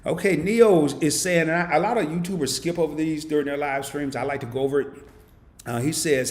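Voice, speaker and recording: A man's voice: on the high side, a little fast. A man hosting a casual live stream, reading viewer comments aloud and answering them with heartfelt thanks. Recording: echoey room.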